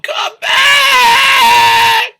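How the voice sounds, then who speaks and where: A man putting on a falsetto to play a frantic young woman shouting melodramatically for her lost lover. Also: little pitch movement, extremely slow, vocal fry, exaggerated voice.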